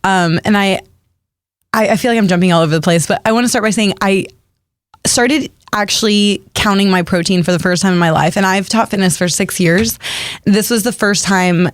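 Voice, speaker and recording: A woman co-hosting a podcast in friendly, rambling casual chat, her voice at an ordinary middle pitch. She talks as someone who teaches fitness. The recording is close and dry. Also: moderate pace, no echo. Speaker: podcast co-host, fitness instructor.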